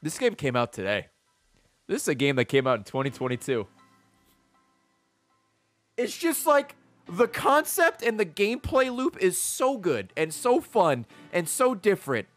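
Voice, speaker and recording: A male streamer in excitable, profane gaming commentary who laughs often. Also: sits high, a little slow, long pauses, soft background music.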